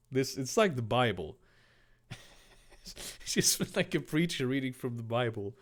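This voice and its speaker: A man reading a story aloud for comedy, breaking off for sarcastic, deadpan asides. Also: medium pitch, a little slow, long pauses. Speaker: fanfiction reader.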